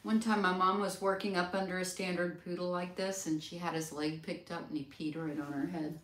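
A woman's voice: on the low side, steady tone, brisk, fairly bright tone. A woman dog groomer talking casually as she works, chatting and slipping into baby talk with the dog. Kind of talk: casual narration while working. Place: grooming salon. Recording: echoey salon, mic far off, faint noise.

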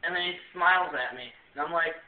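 A young man with a fairly high voice rambles through a funny personal story, full of slang and fillers. He sounds thin and tinny, as if from a cheap webcam mic, and set back in an echoey room. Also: quick pace, far from the mic. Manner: casual, laughs often, acts out quoted voices. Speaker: vlogger telling a story.

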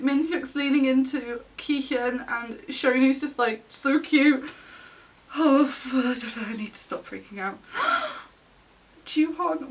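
A young woman vlogger gushing and gasping with excitement as she unboxes albums on camera. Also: on the high side, recorded from a distance, slight background noise.

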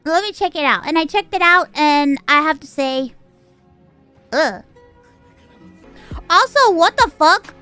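A woman's voice: high-pitched, animated, measured pace, pauses often, bright, forceful tone, no room sound, faint music behind. A woman streamer in a casual livestream rant, exasperated and swearing, firing off incredulous rhetorical questions.

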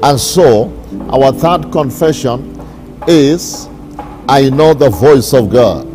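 Slow, emphatic preaching man. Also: mid-range voice, lively intonation, music in the background. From Kenya. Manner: slow, emphatic, repeating declarations. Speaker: bishop. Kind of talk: sermon.

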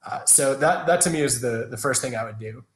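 A man in his thirties answers interview questions in a thoughtful, explanatory way, often restarting his sentences. He speaks at a middle pitch. The sound is roomy, with a noticeable echo from a video call. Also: brisk. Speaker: guest, organizational psychologist.

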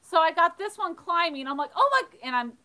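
Bright-voiced woman telling a laughing story. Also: very high voice, brisk, poor audio. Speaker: livestream host of a thrifting channel. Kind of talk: casual storytelling while reading live chat.

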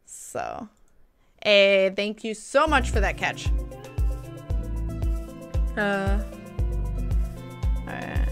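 A woman's voice: medium pitch, very animated, extremely slow, pauses often, soft background music. A woman live-streaming a game, chatting casually and thanking viewers by name, with playful mock indignation.

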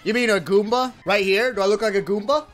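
A young man from India, streaming and chatting casually with his viewers in an excitable, joking, swear-heavy way. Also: sits high, fast, faint music behind. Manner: animated, excitable, swears, jokes with chat. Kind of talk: casual livestream chat.

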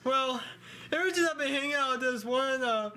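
A woman's voice: high voice, moderate pace, bright, forceful tone. A woman voicing a bratty, crude young male plush turtle who talks in a smug, teasing way. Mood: boastful.

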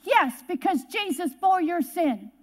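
A woman's voice: very high-pitched, animated, measured pace, a little mellow. A woman. She leans on homey stories and hammers key words again and again. Her delivery stays emphatic from start to finish. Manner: emphatic, folksy storytelling, repeats key words. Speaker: preacher. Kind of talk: sermon. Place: church service.

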